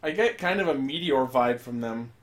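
A man's voice: mid-range voice, moderate pace. A man casually recapping a show episode, rambling and swearing, acting out quoted lines. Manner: rambling, profane, animated retelling with quoted voices. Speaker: podcast host recapping an episode. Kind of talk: casual chat.

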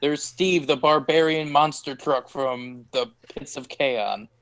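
A man's voice: mid-range voice, slow pace, a bit bright, poor audio. A man in a casual podcast chat, making wry joking asides about a show. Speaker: podcast co-host.

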